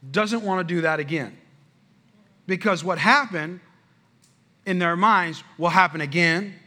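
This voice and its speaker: A man preaching with a high, bright voice. He tells his story with energy and keeps turning to the congregation. His lively delivery swings between loud, fast bursts and soft asides. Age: adult father. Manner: animated storytelling, addresses the crowd. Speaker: pastor. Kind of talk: sermon.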